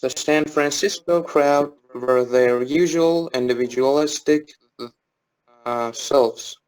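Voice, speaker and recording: A man's voice: medium pitch, takes it slowly, darkish tone, clean tone, low-quality recording. Man reading a textbook aloud. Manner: reads steadily with small restarts on words. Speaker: student.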